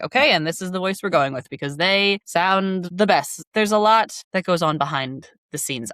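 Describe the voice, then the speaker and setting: A woman's voice: deep voice, a bit bright, dry recording, clean studio sound. A woman who narrates audiobooks, talking casually in an interview with lots of filler words. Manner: chatty, many "like" fillers, demonstrates voices in passing.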